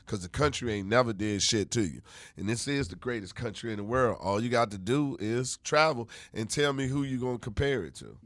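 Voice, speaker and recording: A man's voice: medium pitch, brisk, no echo. A middle-aged man, a comedian, riffing in a brash, profane way during a studio podcast chat. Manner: brash, profane, shouting bits. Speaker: comedian guest. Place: radio studio. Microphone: studio mic.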